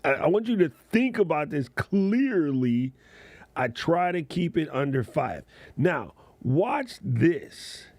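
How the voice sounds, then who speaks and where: A man's voice: on the high side, animated, a little slow, darkish tone, no room sound. A man hosting a casual livestream chat as a content creator, laid-back and slangy, laughing often.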